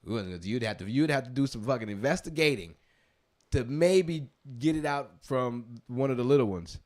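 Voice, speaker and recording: A man's voice: mid-range voice, animated, fairly quick, a little mellow. A man co-hosting a podcast in casual chat, laid-back and rambling, swearing now and then. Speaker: podcast co-host.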